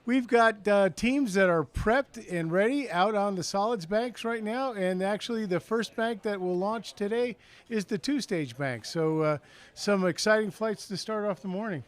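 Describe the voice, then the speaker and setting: Man with a pretty high voice co-hosting a live stream, lots of uh and restarts, kinda short on sleep. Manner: halting, many fillers and restarts. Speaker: co-host, launch official. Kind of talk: live event commentary.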